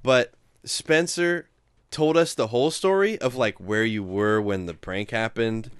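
A man's voice: medium pitch, a little slow, a bit bright, smooth, no room sound. A young man co-hosting a podcast, blunt and teasing, who swears freely in casual chat. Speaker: podcast co-host.

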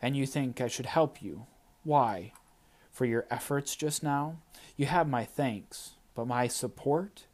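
A man reading an audiobook, voicing a proud, weary male sky god who speaks in a measured, accusing way. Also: medium pitch, darkish tone, close to an everyday voice. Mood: stern.

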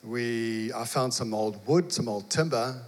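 An animated male preacher tells a story from the pulpit and acts out its dialogue. His voice sits at an ordinary middle pitch for a man. It rings with the long reverb of a large hall. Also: unhurried. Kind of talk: storytelling sermon.

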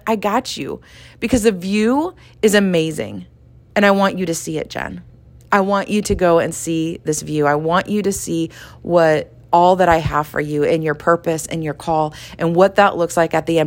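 Chatty woman teaching faith. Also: low voice. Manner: conversational, animated, acts out dialogue, laughs often. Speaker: podcast host and Bible teacher. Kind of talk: devotional teaching.

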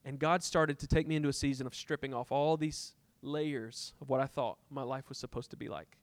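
A man's voice: mid-range voice, steady tone, a little fast, no echo. A middle-aged man preaching a sermon as pastor, telling a personal story and acting out his arguments with God, building to impassioned peaks.

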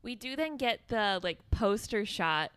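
Woman co-host, bright and crisp voice, laid-back casual chat. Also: mid-range voice, lively intonation, a little slow, no echo. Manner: laid-back, frequent "like", swears, laughs at the story. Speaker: podcast co-host.

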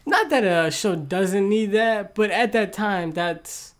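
A man's voice: sits high, takes it slowly. A young man co-hosting a casual podcast, talking in a rambling, easygoing way with many fillers. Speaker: podcast co-host. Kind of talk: casual chat.

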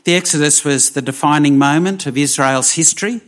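A man preaching a sermon, slow and emphatic, with dramatic pauses. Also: a little high.

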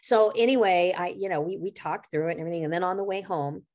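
A woman's voice: on the low side, quick pace, darkish tone. Earnest middle-aged woman telling a story. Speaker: podcast co-host. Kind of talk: casual conversation, personal storytelling.

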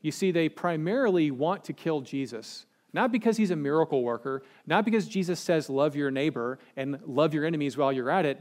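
A man preaching a sermon verse by verse, with dry sarcastic humor and animated emphasis. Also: on the high side. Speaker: pastor.

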